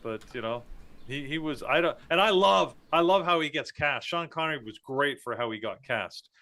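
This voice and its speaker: A man's voice: fairly high pitch, animated, normal speed, bright, forceful tone. A man co-hosting a live trading stream, chatting in a rambling way and laughing at his own jokes. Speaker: trading show co-host. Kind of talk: casual live-stream chat.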